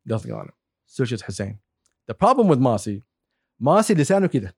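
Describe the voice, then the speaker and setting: A man in his forties from Saudi Arabia telling a story in casual chat, animated, laughing often and swearing freely. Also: medium pitch, brisk, husky, no room sound, studio quality. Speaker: guest.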